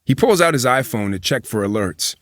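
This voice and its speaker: A man reading a magazine profile aloud as a news reader, at a measured, even pace. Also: medium pitch, no room sound, studio quality.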